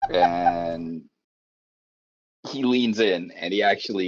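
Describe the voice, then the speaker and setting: A man's voice: deep voice, slow pace, pauses often, dry recording. A man narrating a tabletop game as game master, teasing his players. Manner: playful, teasing. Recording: dull, lo-fi dry sound.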